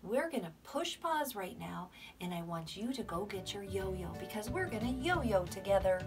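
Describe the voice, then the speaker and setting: A woman kindergarten teacher giving a recorded video class for young children, speaking gently and sometimes dropping to a whisper. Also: medium pitch, very animated, far from the mic, faint music behind. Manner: gentle, slow, dips into whispers.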